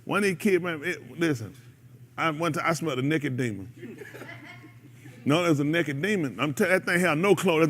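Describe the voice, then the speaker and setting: A man in his thirties hosts a show, lecturing a gathered group in a loose, preaching way. His voice sits high and swings widely in pitch from low asides to sharp peaks. He exhorts his listeners with lots of energy. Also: moderate pace. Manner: animated, exhorting, breaks into laughter and mimicry. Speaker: radio show host. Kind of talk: casual preaching talk to a live group.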